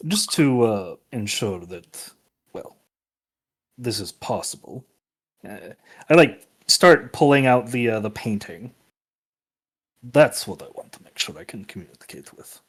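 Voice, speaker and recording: Lively low-voiced husky man. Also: unhurried, pauses often. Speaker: player. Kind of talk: playing a tabletop game in character.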